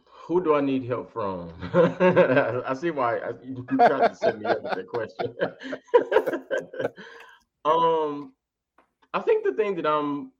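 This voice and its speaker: A man's voice: mid-range voice, lo-fi sound. A man guesting on a sports podcast, joking and chuckling as he talks. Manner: jokey, chuckles while talking. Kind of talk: casual sports podcast chat.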